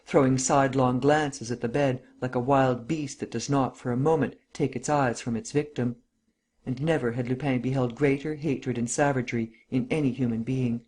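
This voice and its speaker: A man narrating a classic novel for a volunteer audiobook in a steady, even reading voice. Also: medium pitch. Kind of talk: scripted narration.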